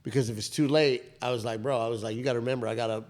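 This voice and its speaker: A man in his thirties co-hosting a podcast, retelling a story in a rambling, animated way with lots of restarts and swearing. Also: mid-range voice, very fast. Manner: rambling, animated retelling with many "I was like" asides; frequent restarts and profanity. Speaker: podcast co-host. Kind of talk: casual storytelling chat.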